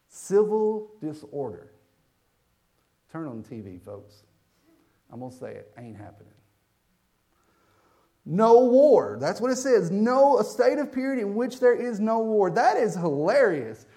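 A male preacher gives a sermon, joking with his congregation. His voice sits high for a man, and his pitch swings widely as he talks. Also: a little mellow.

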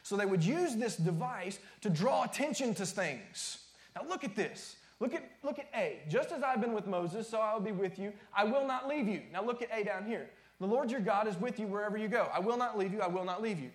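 A man's voice: sits high, expressive, a little fast, reverberant. A man preaching a sermon as pastor, emphatic and repetitive, sometimes dropping to a near-whisper.

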